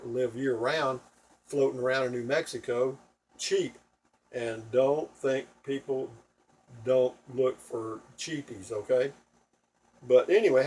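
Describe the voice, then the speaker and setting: A man's voice: medium pitch, a little mellow, distant mic, slight background noise, poor audio. A man rambling to his viewers from home, blunt, profane and self-mocking. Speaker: vlogger. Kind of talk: rambling casual monologue to viewers. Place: home in Texas.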